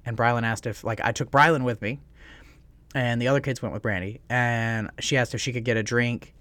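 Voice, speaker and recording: A man's voice: mid-range voice, a little fast, no room sound. A man in his thirties hosting a podcast, telling crude stories with lots of laughter and swearing. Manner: animated, laughing, profane storytelling. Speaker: podcast host. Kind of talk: crude casual chat. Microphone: studio mic close up.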